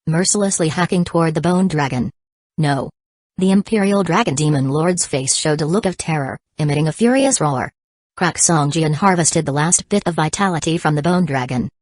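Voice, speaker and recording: Woman reading an audiobook, low voice, steady and even, dry close sound. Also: no room sound. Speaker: audiobook narrator. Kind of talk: scripted narration.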